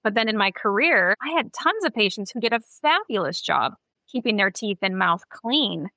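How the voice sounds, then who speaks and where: Woman host, dental hygienist; bright tone, steady explainer, dry recording. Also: medium pitch, normal speed, no echo. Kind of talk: casual interview conversation.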